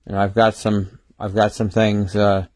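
A weary man speaks into his phone on a casual livestream. His voice sits low and barely rises or falls. He talks haltingly, with many fillers and restarts, in a close, dry sound. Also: little pitch movement, a little mellow, no room sound. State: tired, short on sleep. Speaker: livestream host.

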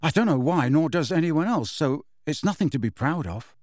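A man's voice: a little high, expressive, moderate pace, a little mellow, no echo, studio quality, voice pushed up. A man voicing an earnest, awkward teenage schoolboy in an audiobook, in a plain, slightly raised voice. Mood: weary. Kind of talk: audiobook character voice.

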